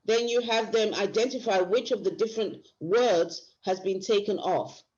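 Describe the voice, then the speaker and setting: A woman's voice: medium pitch, normal speed, darkish tone. Woman teacher explaining, dull lo-fi sound. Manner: explanatory, stops to restart phrases. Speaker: teacher leading a workshop. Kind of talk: workshop lecture on phonics. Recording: dull lo-fi recording.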